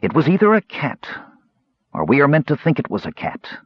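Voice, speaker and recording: Man voicing a sickly young wizard, cold and scornful, raised husky voice, dry muffled audiobook recording. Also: a little high, wildly swooping pitch, fairly quick, no echo, voice pushed up, exaggerated voice. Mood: cool. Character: thin sickly young male mage, cold and bitter. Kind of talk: audiobook character voice.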